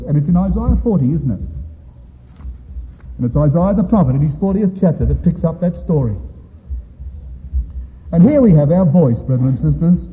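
A man preaching a sermon in a high, strongly swooping voice that lingers on words for emphasis. His delivery is dramatic and rises and falls widely. The recording is dull and lo-fi, with a long reverb tail from a large hall. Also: expressive, normal speed, long pauses, slight background noise.

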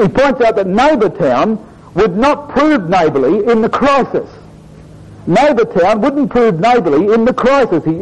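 A man's voice: sits high, a little mellow, poor audio. A man preaching a sermon, explaining Bible verses to a congregation he calls brothers and sisters. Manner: addresses "brothers and sisters", explains Hebrew word meanings.

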